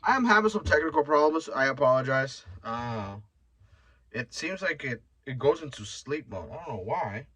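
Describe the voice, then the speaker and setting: A man's voice: medium pitch, expressive, normal speed, bright, forceful tone, husky, low-quality recording. A young man hosting his own podcast, telling rambling stories in a loose, profane, joking way. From Mexican heritage. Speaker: podcast host. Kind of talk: casual solo podcast rant.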